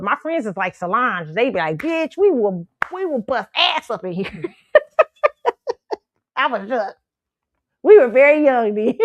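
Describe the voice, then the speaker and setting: A woman hosts her own show and tells a story in a loose, profane style that keeps breaking into laughter. Her pitch swings widely from line to line. The sound is dry and close, with no room around her. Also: no echo. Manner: animated, profane, laughs often. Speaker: show host. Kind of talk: casual storytelling monologue.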